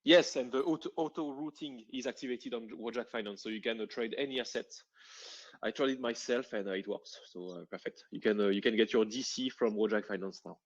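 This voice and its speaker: Male team member, halting friendly update, dry lo-fi call audio. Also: mid-range voice, dry recording. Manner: hesitant, lots of uh, friendly.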